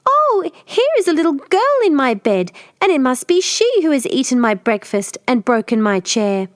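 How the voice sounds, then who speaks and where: A woman voicing a squeaky, upset little boy bear cub in a storybook reading. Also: sing-song, moderate pace, no room sound, studio quality. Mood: upset squeak.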